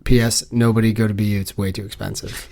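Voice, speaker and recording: A man's voice: lowish voice, flat delivery, fast, vocal fry, dark tone. A man co-hosting a book podcast, talking in a blunt, joking, rambling way. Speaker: podcast co-host. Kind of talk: casual book-club chat.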